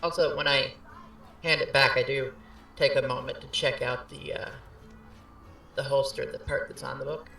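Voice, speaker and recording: A man playing a tabletop game, chatting casually with a gravelly voice. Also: medium pitch, fairly even intonation, normal speed, long pauses, sharp tone, roomy sound, faint music behind. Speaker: player.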